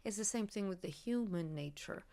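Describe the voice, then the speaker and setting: Earnest, expressive woman podcast host. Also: medium pitch, moderate pace. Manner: earnest, expressive, animated when making a point. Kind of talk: reflective conversational talk.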